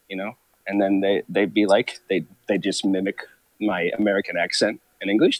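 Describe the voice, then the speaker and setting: Deep-voiced joking man, dry close sound. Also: little pitch movement, moderate pace, no echo. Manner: rambling, joking storyteller. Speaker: co-host of a live stream. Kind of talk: casual banter.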